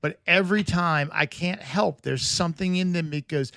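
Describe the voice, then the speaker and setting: A man with a slightly raised pitch rambles through a pet peeve, second-guessing himself and firing off rhetorical questions. The sound is dry and close to the mic. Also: moderate pace, vocal fry, few pauses, a bit bright, dry recording. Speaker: podcast co-host. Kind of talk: casual chat.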